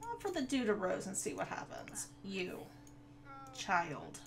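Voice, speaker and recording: Slow-talking woman chatting over a game. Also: mid-range voice, wildly swooping pitch, creaky, background noise. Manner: chatty, talks to the viewers and to the game characters. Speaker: gaming video creator. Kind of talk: casual gameplay commentary.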